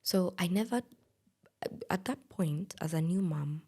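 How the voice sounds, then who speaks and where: A woman's voice: lowish voice, expressive, unhurried, dark tone, breathy edge. A woman, speaking candidly as a guest and telling a personal story in a podcast interview. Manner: candid, plain-spoken.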